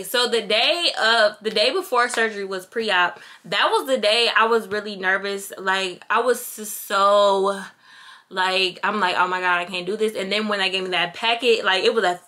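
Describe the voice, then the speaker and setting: A woman's voice: medium pitch, bright, forceful tone. A young woman in her twenties answering viewer questions in a casual, candid vlog, calling her viewers "girl" and "y'all". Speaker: beauty vlogger.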